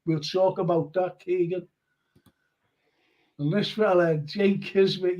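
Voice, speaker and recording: A man hosting a live fan show in casual chat, talking warmly with guests, laughing often and reading viewer comments aloud. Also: sits high, steady tone, slow. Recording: muffled lo-fi live-stream audio.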